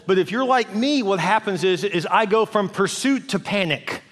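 A man who is a senior pastor, preaching a sermon in a church with animated delivery, acting out people's inner voices. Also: high voice, normal speed. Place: large church hall. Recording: long hall reverb.

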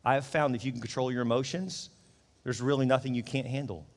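A man's voice: mid-range voice, fairly even intonation, fast, big-room sound. A middle-aged man preaching a conversational sermon as pastor, acting out the voices he quotes.

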